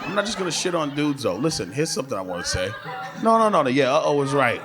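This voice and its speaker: A man doing crude live stand-up comedy on a club stage, swinging between shouted bits and low asides to the audience. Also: big pitch swings, quick pace. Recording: live club recording with loud crowd laughter. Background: audience laughter.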